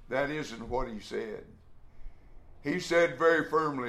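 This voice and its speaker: A man's voice: mid-range voice, unhurried, a bit bright. A man preaching a sermon, emphatic, acting out the quoted speech of others and sometimes restarting a phrase. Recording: echoey room.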